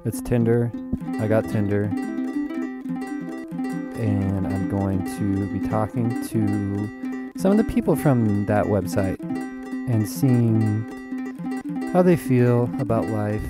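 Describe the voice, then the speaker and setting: Tipsy from drinking, a man hosts a rambling solo podcast, playful and self-mocking, sometimes drifting into a sing-song. His voice is on the low side, slow and full of pauses, with a faint looped guitar playing in the background.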